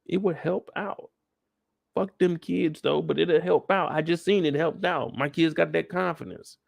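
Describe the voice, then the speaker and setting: A man's voice: a little high, unhurried, gravelly, dry recording, pitched above the performer's own voice, full character voice. A man voicing a defiant grown woman who shrugs off criticism in a casual, unbothered way.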